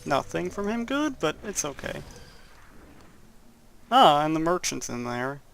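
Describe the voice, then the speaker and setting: A man's voice: high voice, sing-song, normal speed, gravelly, a little hiss or hum. A young man giving casual, rambling gameplay commentary, joking and laughing at his own jokes. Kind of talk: casual let's-play commentary.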